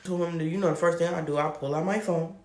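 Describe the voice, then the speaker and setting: A man telling a personal story to camera in a casual, animated, slangy way. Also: a little high, quick pace, echoey room. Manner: animated, slangy, laughs often. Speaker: storytime vlogger.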